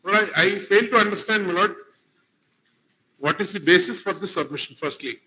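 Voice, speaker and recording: A high male voice, bright and forceful, at a moderate pace, belongs to an advocate arguing formally in court. Deferential and constantly addressing the bench, he repeats "my lord" often. This is a dull lo-fi courtroom recording.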